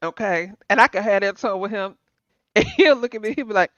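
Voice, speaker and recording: A woman co-hosting a casual talk show, expressive and quick to laugh, fond of slangy turns of phrase. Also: medium pitch, dry recording. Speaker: podcast co-host. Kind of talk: casual chat. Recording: slightly dull, lo-fi sound.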